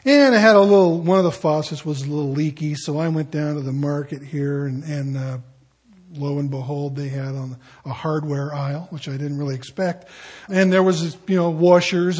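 Husky-voiced pastor preaching in storytelling style. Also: male voice, on the high side. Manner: conversational storytelling, animated quoting of others. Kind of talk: sermon. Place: church sanctuary.

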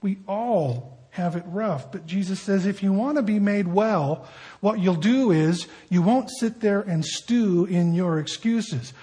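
A man's voice: sits high, a little slow, mellow, breathy edge. A middle-aged man preaching a sermon in a conversational, emphatic way with rhetorical questions.

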